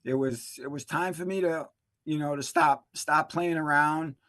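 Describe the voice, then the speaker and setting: A man telling his recovery story in a halting, emotional way, full of fillers and restarts. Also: a little high, a bit bright, dry recording. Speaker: interview guest, recovery specialist. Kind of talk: emotional personal testimony.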